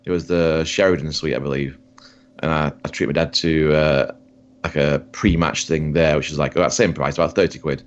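Yorkshire man, low voice, chatty podcast co-host, laughs a lot, dull lo-fi sound. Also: steady tone, fairly quick. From Yorkshire, England. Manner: laughing often, stammering restarts. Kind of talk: casual chat.

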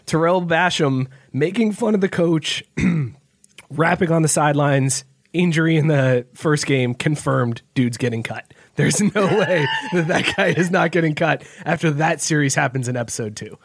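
A man's voice: fairly high pitch, dry recording, studio quality. A man hosting a casual sports podcast, joking and swearing as he reads his notes. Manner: profane, joking, quick asides. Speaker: podcast host.

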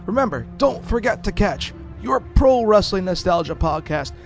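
A man's voice: sits high, expressive, normal speed. Man hosting a short podcast promo, hammy, over faint music. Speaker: podcast segment host. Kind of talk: scripted promo segment.

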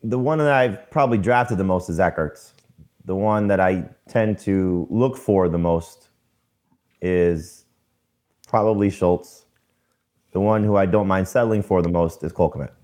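A man's voice: deep voice, unhurried, pauses often, a little mellow. A man on a sports podcast panel, answering briefly and matter-of-factly. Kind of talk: casual sports podcast chat.

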